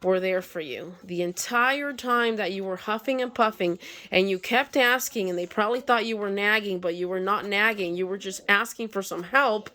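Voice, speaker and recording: A woman's voice: medium pitch, normal speed, bright, forceful tone. A woman reading a picture book aloud, stopping often to comment on it and scold the characters. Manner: talks back to the story, scolding the animals. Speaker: storybook reader.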